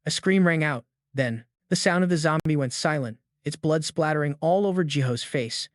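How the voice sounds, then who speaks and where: A man narrating a scripted comic recap in a steady storytelling voice. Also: on the high side, moderate pace, dry recording, studio quality.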